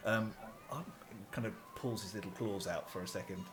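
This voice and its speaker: A man's voice: on the low side, moderate pace. A man playing in a tabletop game, joking and hesitant. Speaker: player.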